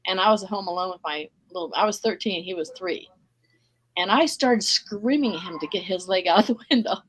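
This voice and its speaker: A middle-aged woman telling lively personal stories in a casual group video chat, laughing often. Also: medium pitch, fairly quick, slightly rough, rough recording. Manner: animated storyteller, laughs often. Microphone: video call.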